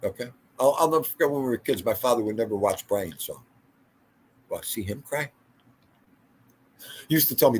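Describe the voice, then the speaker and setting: A man's voice: mid-range voice, animated, moderate pace, pauses often, husky. An older man hosting a casual livestream, rambling through stories and talking to viewers in the chat by name. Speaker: livestream host.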